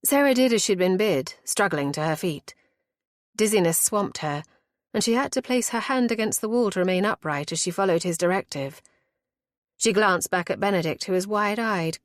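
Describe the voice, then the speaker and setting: A woman narrating a historical romance audiobook in a measured, dramatic way. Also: medium pitch, no room sound, studio quality.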